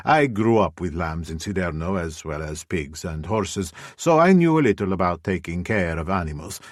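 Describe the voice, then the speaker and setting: A man reading a first-person audiobook in a measured, brooding way. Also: low-pitched, no echo, clean studio sound. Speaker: audiobook narrator.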